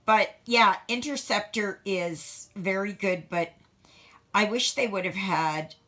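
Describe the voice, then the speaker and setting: A woman's voice: mid-range voice, slow, pushed and bright. A middle-aged Canadian woman chatting casually while crafting, rambling and often breaking off mid-sentence. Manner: rambling, self-interrupting, chatty. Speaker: craft vlogger.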